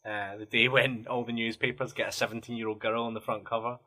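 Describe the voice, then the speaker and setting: Man, podcast co-host, wry and halting, bright tense voice. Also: medium pitch, level tone. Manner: hesitant, wry, laughs often. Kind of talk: casual banter.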